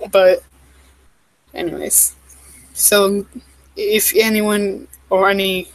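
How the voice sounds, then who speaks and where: A woman's voice: medium pitch, no echo, low-quality recording. Rambling young woman, dry close voice. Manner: rambling, full of "like" and "um", quick asides and apologies. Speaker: vlogger. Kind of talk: casual rambling monologue.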